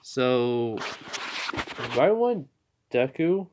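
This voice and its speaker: A man's voice: mid-range voice, sing-song, drawn-out words, a little mellow, lo-fi sound, slight background noise. A young man casually telling a fan fiction story, rambling with fillers and restarts.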